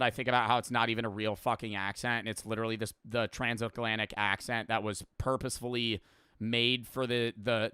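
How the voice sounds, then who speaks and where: A man's voice: mid-range voice, sharp tone, smooth, no echo, studio quality. A young man streaming, chatting casually in a rambling, profane, offhand way while reacting to a video.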